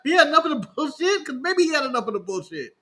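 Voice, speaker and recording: A man with a very high, bright voice, chatting casually about wrestling and cracking jokes. He laughs often as he co-hosts the show. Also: sing-song, quick pace. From United States. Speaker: podcast co-host. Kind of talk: casual wrestling review chat.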